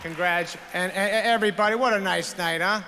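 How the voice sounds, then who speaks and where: Gravelly middle-aged man rambling onstage. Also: high-pitched, fairly quick, sharp tone, a little hiss or hum. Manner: rambling, stammering, profane and jokey. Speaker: award recipient. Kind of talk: off-the-cuff acceptance speech. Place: awards ceremony stage. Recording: reverberant awards hall, faint ambience.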